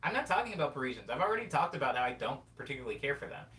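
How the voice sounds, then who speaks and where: A man's voice: very animated, racing, fairly bright tone. A man in his twenties hosting a live stream, reading chat messages aloud and reflecting in a rambling, casual way. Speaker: livestream host. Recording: distant mic with faint rumble.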